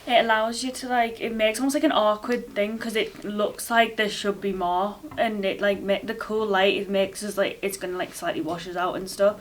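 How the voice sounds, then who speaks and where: Woman, casual project chat, monotone delivery, a bit far from the mic. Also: mid-range voice, normal speed, few pauses. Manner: rambling, filler-heavy, flat delivery. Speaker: drama student.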